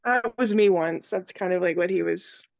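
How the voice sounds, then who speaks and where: A woman's voice: on the low side, moderate pace, creaky, a little mellow, no room sound. A woman co-hosting a film podcast, chatting casually and hesitantly, trailing off with "um"s. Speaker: podcast co-host.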